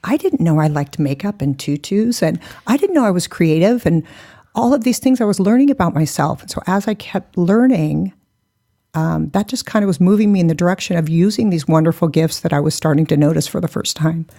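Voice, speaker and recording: Gravelly, mellow-voiced woman telling stories. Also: on the low side, expressive, fairly quick. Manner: blunt, self-mocking, laughs often. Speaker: guest. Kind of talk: candid storytelling.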